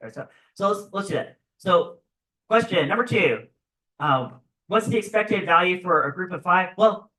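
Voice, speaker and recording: A male physics teacher giving a classroom lecture, animated and constantly checking in with "right?". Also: fairly high pitch, far from the mic, low-quality recording. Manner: animated, keeps asking "right?".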